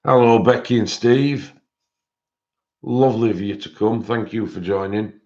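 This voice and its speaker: A man with a lowish voice chatting casually on a live stream, rambling as he greets viewers by name. The sound is dull and lo-fi, like a basic stream feed. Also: unhurried, mellow. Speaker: colouring channel host.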